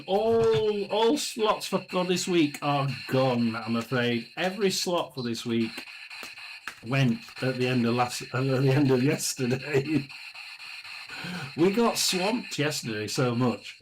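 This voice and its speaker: A man reads tarot on a live stream, thinking out loud in an unhurried, drawn-out way and often pausing to clear his throat. His voice sits at an ordinary middle pitch, with a clear hiss of noise running underneath. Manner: musing, talks to himself, frequent throat clearing. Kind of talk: live tarot and spirit session chat. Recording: steady background noise.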